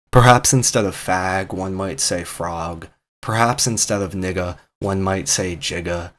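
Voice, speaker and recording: A man with a lowish voice gives a sardonic, provocative rant as a video essayist. A clear music bed runs under his voice throughout. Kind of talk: argumentative monologue.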